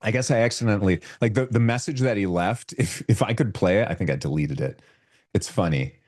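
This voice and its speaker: Deep-voiced male host on a video call. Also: brisk. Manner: animated, imitates voices when retelling. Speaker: podcast host. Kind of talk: casual storytelling on a live video call.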